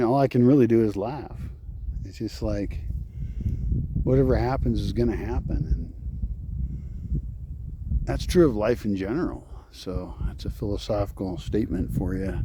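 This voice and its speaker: A man's voice: fairly low pitch, noisy background. A man vlogging outdoors on his rural land, talking casually and sardonically, swearing and muttering to himself. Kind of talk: casual walking vlog.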